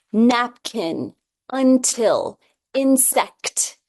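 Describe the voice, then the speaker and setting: A woman's voice: medium pitch, unhurried, darkish tone. A woman teaching reading, explaining a phonics assessment and sounding out example words one by one, often checking in with "okay?".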